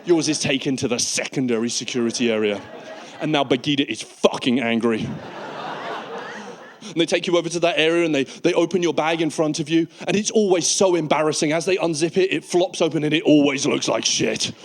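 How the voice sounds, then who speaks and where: High-voiced British stand-up comedian. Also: male voice, fairly quick. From United Kingdom. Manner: animated, acts out panicky characters in high squeaky bursts. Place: comedy stage before a live audience.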